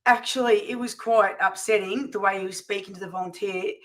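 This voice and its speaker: A woman's voice: mid-range voice, fairly even intonation, brisk, low-quality recording. A woman on a talk panel, telling a story in casual chat and acting out the people she quotes. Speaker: campaign volunteer and panel guest.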